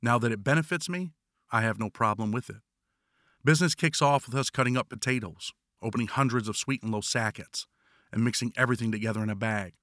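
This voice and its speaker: A man reads his own memoir aloud in a blunt, wry voice, with a bright, forceful tone. The recording is close and dry, with no room echo. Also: mid-range voice, fast. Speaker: author narrating his memoir. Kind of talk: audiobook memoir narration.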